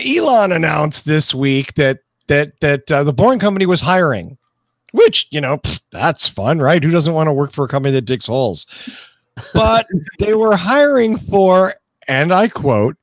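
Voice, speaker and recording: A man's voice: fairly high pitch, very animated, normal speed, fairly bright tone, no room sound. Joking man with a dry, close sound. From California. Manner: joking, sarcastic asides. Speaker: podcast co-host. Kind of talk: casual podcast chat.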